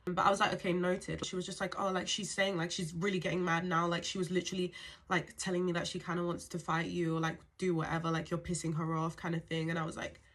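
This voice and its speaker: Woman in her 20s spilling a club story, talks quick and chatty, kinda husky. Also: lowish voice, level tone, fairly bright tone. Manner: chatty, lots of "like" and asides to viewers. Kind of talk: casual storytime.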